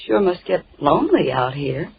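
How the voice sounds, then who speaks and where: A woman's voice: deep voice, big pitch swings, moderate pace, breathy edge, exaggerated voice. Scared young woman, brash and pleading, muffled old radio sound. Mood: uneasy. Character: frightened young woman stranded on a stormy night. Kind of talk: 1950s radio drama acting. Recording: dull old radio recording.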